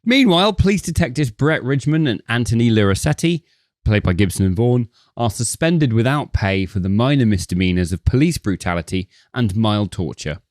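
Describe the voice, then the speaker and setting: A man's voice: on the low side, lively intonation, normal speed, a little mellow, dry recording, clean studio sound. Sardonic man reviewing a film. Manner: sardonic, swearing, laughs at his own jokes. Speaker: podcast co-host. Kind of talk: casual film review chat.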